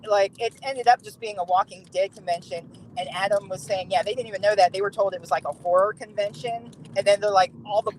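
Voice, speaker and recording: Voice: medium pitch, steady tone, quick pace, few pauses, a little hiss or hum, poor audio. A podcast guest chatting casually and telling a rambling story, with many fillers and laughs. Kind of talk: casual chat.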